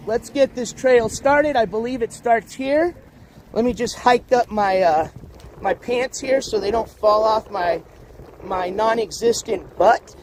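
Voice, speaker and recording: A man's voice: high voice, darkish tone, a little hiss or hum. A man hosting a casual walk-and-talk livestream outdoors by a road, rambling with lots of "uh"s and restarts. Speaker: YouTube livestream host. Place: outdoors by a road with traffic, walking dogs.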